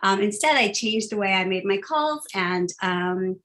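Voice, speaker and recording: An upbeat woman leads a training session in a chatty, casual way, filling her talk with little pauses and fillers. Her pitch sits in an ordinary middle range for a woman. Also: expressive, fairly bright tone.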